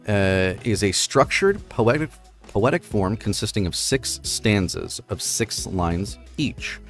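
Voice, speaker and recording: A middle-aged man hosting a casual livestream, chatting through explanations with many fillers and quick checks with listeners. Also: fairly low pitch. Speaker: host.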